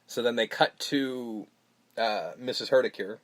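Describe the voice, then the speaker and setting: A man co-hosting a casual film podcast, recapping scenes with profanity and quick put-on voices. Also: medium pitch. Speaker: podcast co-host.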